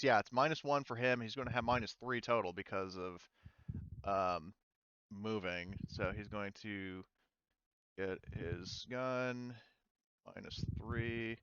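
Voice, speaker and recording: A man's voice: lowish voice, unhurried, a bit bright, smooth, no room sound. A man running a tabletop war game as game master, talking loosely with lots of fillers and restarts. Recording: slightly dull, lo-fi mic.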